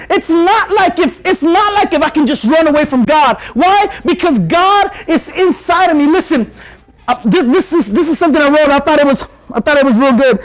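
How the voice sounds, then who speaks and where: A young male youth pastor with a strikingly high voice. He preaches in an animated, jokey way that climbs into shouted appeals. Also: poor audio. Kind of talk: youth sermon.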